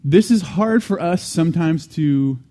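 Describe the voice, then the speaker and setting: A man preaching in an earnest, teaching manner, with a mellow, warm tone. He circles back to repeat his main points and slips in casual asides between restarts. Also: on the high side, expressive, measured pace. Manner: frequent restarts and fillers, conversational asides. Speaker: Christian teacher. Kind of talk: teaching sermon.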